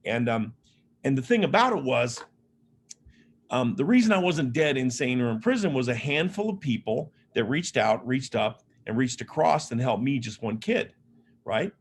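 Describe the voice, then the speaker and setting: An author and speaker from Las Vegas, Nevada, USA gives a motivational keynote, telling personal stories in a humorous, conversational, self-deprecating way. His medium-pitched voice is animated and moves at normal speed, with a little hiss or hum in the audio.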